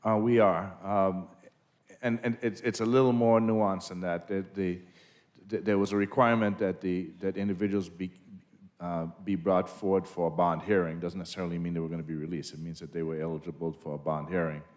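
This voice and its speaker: A man's voice: low voice, little pitch movement, fairly quick, a little mellow. A man answering a county board's questions as an official, hesitant and careful as he clarifies. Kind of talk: answering questions at a public meeting.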